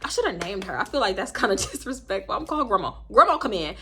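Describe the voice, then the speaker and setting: A young woman from Houston, Texas, telling a casual storytime vlog in slangy, animated talk, often voicing other people in quotes. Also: medium pitch, fast talker, husky. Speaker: storytime vlogger.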